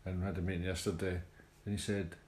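A man's voice: low-pitched, little pitch movement, quick pace, a little mellow. A man reads a daily recovery meditation, then chats reflectively with many fillers. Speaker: recovery group member. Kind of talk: reading a daily meditation, then casual chat. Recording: echoey room.

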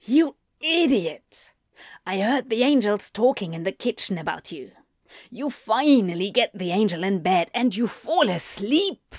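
A woman's voice: mid-range voice, expressive, takes it slowly, dry recording, studio quality. Woman doing a hissing, bossy demon man. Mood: urgent. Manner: urgent hissing whisper. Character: bossy, scheming male demon. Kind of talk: audiobook fan fiction reading.

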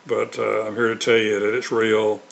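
A man's voice: on the low side, little pitch movement, moderate pace, vocal fry, muffled recording. An older man from Mississippi, telling stories in an interview as an author and evangelist. He speaks earnestly, with many fillers and restarts. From Mississippi, USA. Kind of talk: storytelling in an interview.

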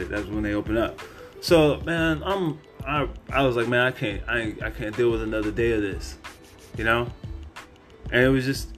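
A man hosting a podcast, telling a personal story in a candid, rambling way with plenty of cursing. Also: mid-range voice. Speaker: podcast host.

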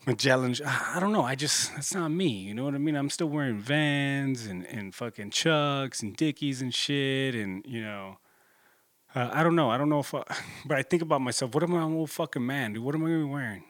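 A man's voice: medium pitch, fairly quick, fairly bright tone, no echo, studio quality. Laid-back cursing man. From Corpus Christi, Texas. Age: 30s. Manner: laid-back, profane, rambling with many fillers. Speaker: vlogger. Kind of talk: casual rambling monologue.

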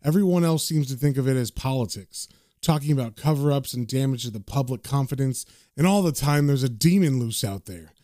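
A man voicing a cynical, sardonic British occult investigator from a comic, read aloud in a lowered casual voice. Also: animated, brisk, mellow, dry recording, studio quality, natural voice.

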